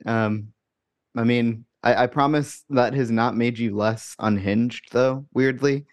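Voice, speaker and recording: Man, podcast co-host, casual chat, wry, halting delivery. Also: mid-range voice, steady tone.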